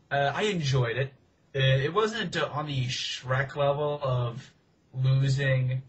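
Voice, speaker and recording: A man's voice: medium pitch, fairly bright tone. A male co-host weighs in on a film, hesitating often with lots of fillers. He sits back from the mic, so his mid-range voice comes through distant and muffled. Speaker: podcast co-host. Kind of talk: casual film review chat.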